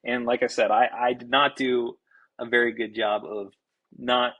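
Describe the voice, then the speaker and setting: A young man, a baseball pitcher and podcast guest, telling a story in an animated, casual way, swearing freely and restarting his sentences. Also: normal speed, poor audio. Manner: animated, self-described fiery, swears freely, many restarts.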